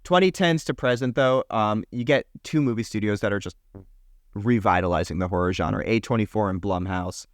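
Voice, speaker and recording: Here a young podcast co-host with a lowish voice eagerly walks through film history year by year, firing off years in quick bursts and cursing casually. It's a dry recording with clean studio sound.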